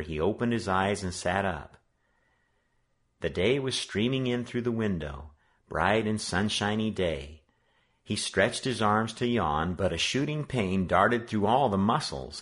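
A man reading a children's novel aloud in an expressive, measured way. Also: sits low. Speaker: audiobook reader. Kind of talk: read-aloud narration.

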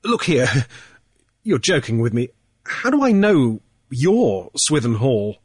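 A man doing a gruff, dangerous sea captain. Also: mid-range voice, sing-song, takes it slowly, no room sound, full character voice. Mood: guarded, blunt. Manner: gruff and blunt. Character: hard, dangerous adult male sea captain. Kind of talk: audiobook character voice.

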